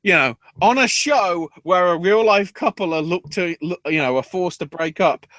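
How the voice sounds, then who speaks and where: A man hosting a podcast, recapping wrestling in an animated, profane storytelling way. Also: sits high, moderate pace, no room sound. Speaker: podcast host.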